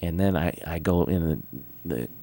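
A middle-aged man hosting a podcast, telling animated anecdotes in casual chat and often laughing. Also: low voice, moderate pace, creaky. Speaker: podcast host.

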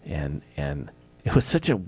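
A middle-aged man hosting a podcast, telling animated anecdotes in casual chat and often laughing. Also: a bass voice, a little slow, husky. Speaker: podcast host.

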